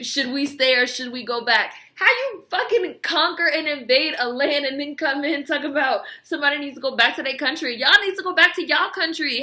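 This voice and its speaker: Heated vlog rant from a woman, bright and a touch high, sarcastic, profane. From United States. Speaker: vlogger.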